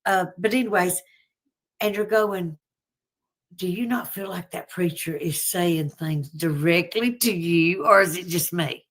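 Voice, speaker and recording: A woman's voice: on the low side, a little slow. A woman with a Southern US accent hosting a casual livestream, chatty and folksy, often laughing between thoughts. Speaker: livestream host.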